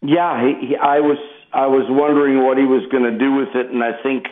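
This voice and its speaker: An older man with a Canadian accent, a musician telling stories in a relaxed, hesitant way with many fillers in a phone interview. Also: medium pitch, brisk. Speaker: guest musician. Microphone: telephone. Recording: phone line.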